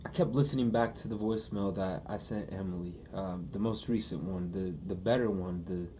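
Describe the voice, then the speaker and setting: A young man talking through his feelings in a personal monologue, halting and rambling, with many fillers. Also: low voice, mellow, slight background noise.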